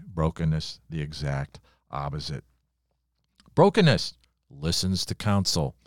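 An older male pastor preaching with a very low voice. He delivers his sermon earnestly, leaning on pauses and slowing down for weight. The sound is dry and close. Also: no echo. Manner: earnest preaching with dramatic pauses and slowed emphasis.

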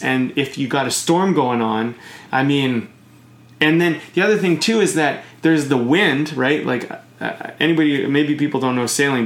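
Brief: easygoing man, talky and meandering, in a room with noticeable echo. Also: mid-range voice. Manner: rambling, uses sailing comparisons, many fillers. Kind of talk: casual podcast chat.

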